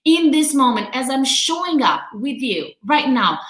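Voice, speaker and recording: This high-pitched, fairly bright woman speaks in an unhurried, sing-song way as she coaches viewers live from home in quarantine. She has a non-native accent, is candid and emotional, and laughs a lot; the low-quality audio echoes.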